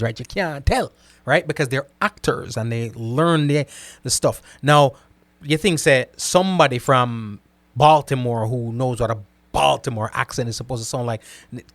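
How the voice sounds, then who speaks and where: Animated man chatting with a dry, close sound. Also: medium pitch, dry recording. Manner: animated, repeats words and asks "right?" often. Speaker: host reading live chat comments. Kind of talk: casual live-stream commentary.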